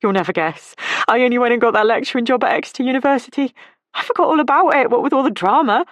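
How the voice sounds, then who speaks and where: Woman reading an exuberant, playful woman friend, bubbly and excitable, dry sound. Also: medium pitch, fairly quick, dry recording, voice pushed up, lightly acted. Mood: excited.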